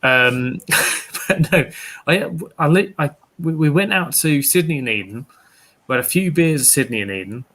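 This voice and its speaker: A man's voice: fairly high pitch, expressive, normal speed, fairly bright tone. A man casually telling rambling pub anecdotes on a live stream, full of restarts and swearing. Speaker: beer reviewer streaming with friends.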